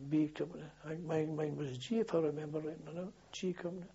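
A man's voice: on the high side, steady tone, quick pace, mellow, slightly rough. An older man, recalling his army days in a rambling way, repeating words and chuckling. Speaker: interviewee recalling army service. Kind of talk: oral history reminiscence. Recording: dull lo-fi archive tape.

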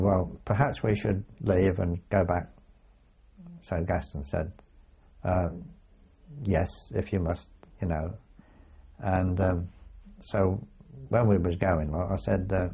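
An older man recalling his wartime days in a rambling oral history, full of asides and halting restarts. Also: sits low, vocal fry, dark tone, breathy edge. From England. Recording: dull lo-fi recording.

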